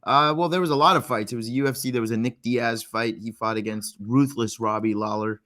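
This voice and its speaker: Animated rambling male podcast host. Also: medium pitch, fairly quick. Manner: animated, rambling, swears casually. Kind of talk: casual storytelling chat.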